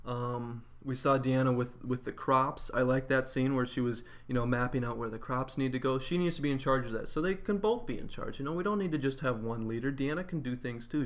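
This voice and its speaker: A man giving a casual spoken episode review, rambling with lots of fillers. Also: mid-range voice.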